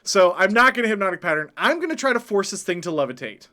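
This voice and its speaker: A man's voice: high voice, sing-song, fast, pushed and bright. A man playing a tabletop game, talking in a casual, rambling way full of fillers. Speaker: player.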